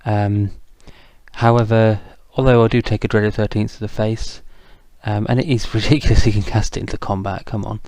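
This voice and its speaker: A man's voice: fairly low pitch, fairly even intonation, moderate pace, a little mellow, no echo. A man casually narrating a tabletop wargame battle report, chatty and self-deprecating, with frequent ums. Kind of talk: casual game recap narration.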